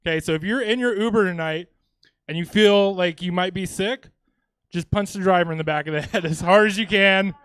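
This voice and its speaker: A man from Louisiana does a stand-up set with a fairly high, smooth voice and a dry, close sound. He talks casually, swears freely and chuckles between lines into a handheld mic. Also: brisk, fairly bright tone, no echo. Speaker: stand-up comedian. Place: comedy theater stage.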